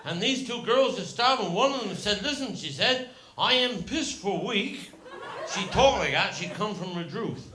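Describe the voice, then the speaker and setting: A man's voice: high voice, animated, moderate pace, a crowd in the background. A man with a Cornish accent telling rambling comic stories on stage, repeating himself with folksy asides. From Cornwall, England. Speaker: comedian. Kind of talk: rambling live stand-up storytelling. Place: live comedy venue with audience. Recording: echoey live venue with audience noise.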